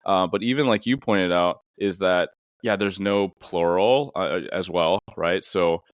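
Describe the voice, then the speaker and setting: A man's voice: sits low, a little slow, dry recording, studio quality. A man hosting a casual interview conversation, a police officer, thoughtful and rambling with many fillers. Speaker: podcast host and police officer.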